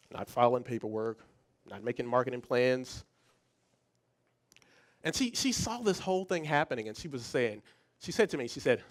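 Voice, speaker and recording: A man who is a psychologist, giving a motivational talk as a lively story, often restarting and repeating words. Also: medium pitch. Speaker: psychologist and speaker.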